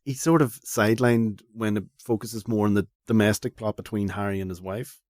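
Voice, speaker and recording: A man with a Northern Irish accent, a podcast guest chatting about a film and chiming in with quick agreement. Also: fairly low pitch, dry recording, clean studio sound. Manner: lively, quick agreeing interjections. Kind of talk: casual film review chat.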